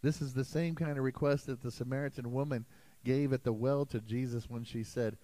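A man preaching a sermon as pastor in a church sanctuary, emphatic and animated. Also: medium pitch, fairly quick, no echo, rough recording.

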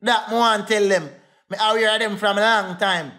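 A man's voice: high-pitched, steady tone, moderate pace, pushed and bright. A young Jamaican man in a heated livestream rant, defiant and repetitive, calling out to his viewers.

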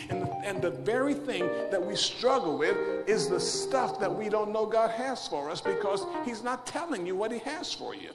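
A man preaching a sermon, moving from hushed quiet passages to loud, emphatic storytelling. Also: high-pitched, animated, moderate pace, few pauses. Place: church hall. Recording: large hall reverb with music behind. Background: instrumental music.

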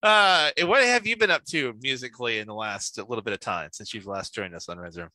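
A man's voice: medium pitch, animated, sharp tone, dry recording, rough recording. A man hosting a music show, chatting in an upbeat, jokey way and introducing his guest. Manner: upbeat and jokey, quick to laugh. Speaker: radio show host. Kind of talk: casual interview chat.

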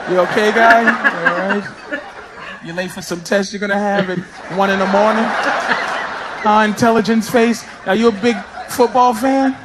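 A middle-aged man doing stand-up crowd work, loud, brash and profane as he teases the audience on a live stage. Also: sits high, measured pace. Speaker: stand-up comedian. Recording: live show with crowd laughter and noise.

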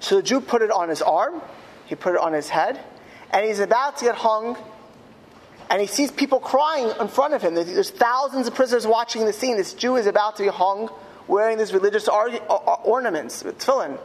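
A man, a rabbi, telling a story in a speech to school students. He slows down emphatically on key words. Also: high-pitched, lively intonation, big-room sound. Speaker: rabbi giving a talk at a school. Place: school hall.

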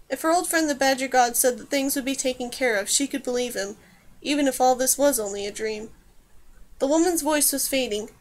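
A woman narrating a fantasy novel in a steady, measured storytelling voice. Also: high-pitched. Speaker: audiobook narrator.

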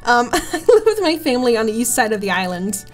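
A woman's voice: a little high, sing-song, a little fast, faint music behind. A woman voicing a friendly male fisher penguin dad in a put-on Italian accent, folksy and reassuring. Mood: hearty.

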